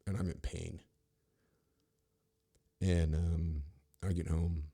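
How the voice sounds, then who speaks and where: A man's voice: deep voice, steady tone, slow, creaky, pauses often, dark tone, husky. A man hosting a podcast, telling a rambling, profane story with frequent restarts. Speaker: podcast host. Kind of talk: casual storytelling monologue.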